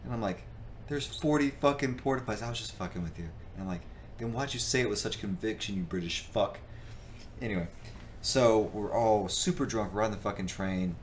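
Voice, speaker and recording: A man's voice: on the low side, fairly quick, a little hiss or hum. A man co-hosting a gaming livestream, telling a rambling, profanity-laced story in casual chat.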